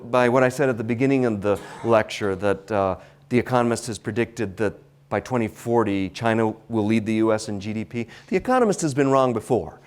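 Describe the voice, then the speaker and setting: A man's voice: medium pitch, darkish tone. A man giving a history lecture, hesitant and full of fillers and restarts. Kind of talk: public lecture. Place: library lecture hall.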